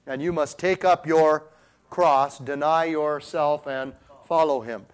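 A man preaching a sermon, firing rhetorical questions at the congregation and swinging between quiet and loud passages. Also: fairly high pitch, slow, clear, resonant tone.

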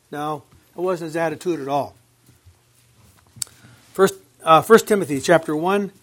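A pastor with a high-pitched, slightly bright voice preaches a sermon a little slowly, with long pauses. He repeats words for emphasis, reads scripture aloud, and poses questions to the congregation, sometimes drifting away from the mic.

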